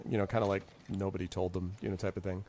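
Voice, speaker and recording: Lowish guy running a tabletop game, rambly, tons of ums. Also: flat delivery, fast, darkish tone. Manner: rambling, many fillers, chuckling. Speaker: game master.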